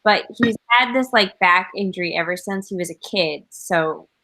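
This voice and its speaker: A woman's voice: medium pitch, normal speed, bright, forceful tone, low-quality recording. A woman hosting a writing livestream, chatting casually over a video call, giggling often and rambling with lots of fillers. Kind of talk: casual chat.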